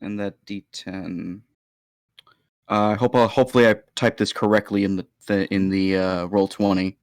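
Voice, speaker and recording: A man's voice: lowish voice, little pitch movement, normal speed, no room sound, clean studio sound. A man playing in a tabletop game, chatting casually, hesitant and self-deprecating. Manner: self-deprecating, hesitant, laughs at his own slips. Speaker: player.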